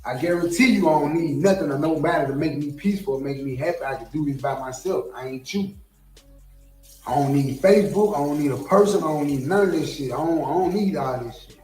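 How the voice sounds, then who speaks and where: A heated Southern man rants on a live stream, cursing and circling back over the same points. His voice sits a little high. He is set back from the mic in an echoey room, with faint music behind him. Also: brisk, warm tone, recorded from a distance. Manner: profane, heated, repeats himself.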